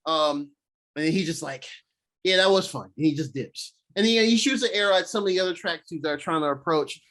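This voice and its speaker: A young man with a slightly higher voice than most men chats his way through an episode recap. His talk is loose and rambling, full of casual slang. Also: fast talker, a bit bright. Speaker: podcast co-host. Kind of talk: casual chat.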